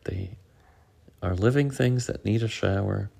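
A man reading a picture book aloud to a child at home, relaxed and stopping to ask questions. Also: fairly low pitch, a little slow, creaky.

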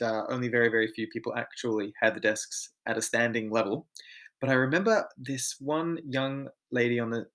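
A man's voice: mid-range voice, a bit bright. A man, co-hosting a podcast and telling work stories in casual chat, candid and swearing freely. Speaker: podcast co-host.

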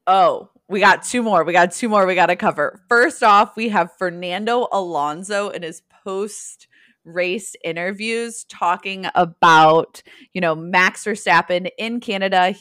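A young adult woman co-hosting a casual podcast chat, animated and quick to laugh. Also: fairly low pitch, smooth. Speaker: podcast co-host.

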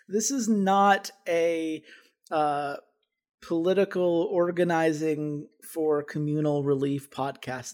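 A man co-hosting a gaming podcast, chatting casually with dry, sarcastic asides. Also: fairly high pitch. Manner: wry, sarcastic. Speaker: podcast co-host. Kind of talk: casual chat.

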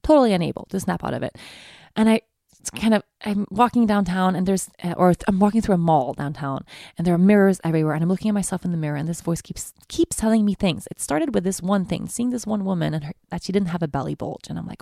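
Gravelly-voiced woman in her twenties. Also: fairly low pitch, expressive, fast talker, dark tone, no echo, studio quality. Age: 20s. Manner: candid, confessional storytelling. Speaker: podcast host. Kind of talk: personal monologue.

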